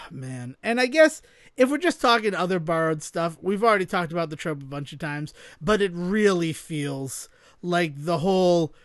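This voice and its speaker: A mid-pitched co-host talks through a movie in casual podcast style, wry and sardonic, building mock theories and cursing for emphasis. The voice sounds close and dry. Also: animated, normal speed, no echo. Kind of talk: casual film-review chat.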